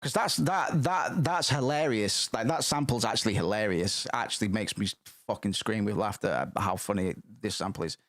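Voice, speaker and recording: A man streaming casually and reacting to music, rambling and excitable, with frequent swearing. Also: lowish voice, normal speed, few pauses.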